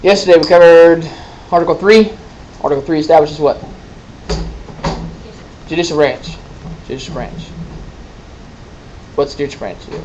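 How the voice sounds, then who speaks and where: A man's voice: fairly high pitch, normal speed, long pauses, darkish tone, muffled recording, slight background noise. A man teaching a class, explaining and quizzing students in a conversational way with folksy asides. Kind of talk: classroom lecture with questions.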